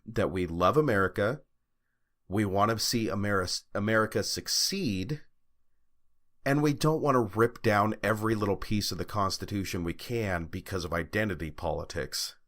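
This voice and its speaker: A young man with a very deep voice co-hosts a podcast, rambling through a story. He pads his talk with fillers and throws in profanity in casual chat. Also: normal speed, a bit bright. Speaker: podcast co-host.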